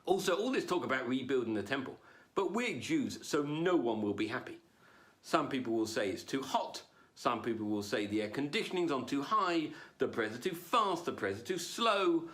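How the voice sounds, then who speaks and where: Lively man doing stand-up. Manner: animated, quick shifts between loud punchlines and low asides. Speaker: stand-up comedian. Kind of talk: stand-up routine performed online.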